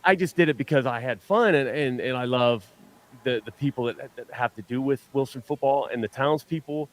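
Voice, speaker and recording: A man's voice: mid-range voice, a little fast. A man chatting casually as a guest on a fan show, rambling and joking at his own expense, often restarting his sentences. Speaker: superfan guest. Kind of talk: casual chat.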